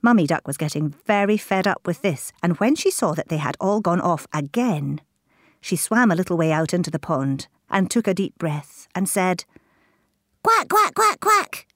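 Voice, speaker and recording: A woman reading a children's story aloud, animated and dropping into whispers at times. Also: fairly low pitch, moderate pace, no echo, clean studio sound.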